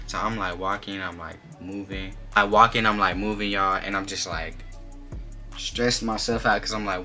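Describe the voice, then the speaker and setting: A young man telling a personal story in a casual storytime vlog, animated and slangy, filling his speech with "like". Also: fairly low pitch, moderate pace, soft background music. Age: young adult. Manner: animated, slangy, many filler "like"s. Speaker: vlogger.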